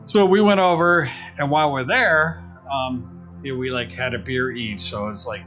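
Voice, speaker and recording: A man's voice: mid-range voice, normal speed, dull audio, faint music behind. A man co-hosting a podcast, casually telling a story and acting out the voices of the people in it. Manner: animated retelling, acts out quoted voices. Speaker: podcast co-host.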